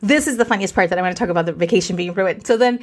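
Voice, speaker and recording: A woman in her forties hosting a podcast, telling a story in a rapid, animated way, dropping Spanish words and swearing freely. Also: medium pitch. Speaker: podcast host. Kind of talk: casual storytelling.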